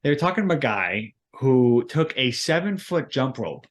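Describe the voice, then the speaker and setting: A man's voice: mid-range voice, sing-song, normal speed. A man co-hosting a podcast in casual chat, rambling and hesitant, filling gaps with "like". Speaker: podcast co-host.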